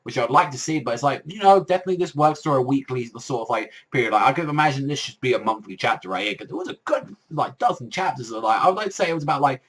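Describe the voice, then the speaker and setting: A man's voice: mid-range voice, animated, rapid-fire, hardly any pauses, a bit bright, husky. A young man casually reviewing a manga chapter, rambling with heavy swearing and constant filler words.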